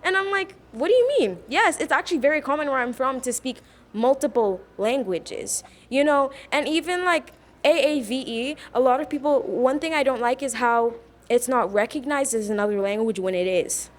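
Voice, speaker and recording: A teenage girl from South Africa, a student speaking candidly about a trip and peppering her talk with "like" and "you know". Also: high-pitched. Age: teens. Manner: lively, talks fast with many likes and you knows.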